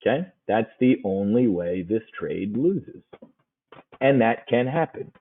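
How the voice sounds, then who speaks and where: A man's voice: lowish voice, expressive, takes it slowly, narrow, tinny audio. A man giving a casual options trading lesson, folksy and joking, hammering points home with repetition.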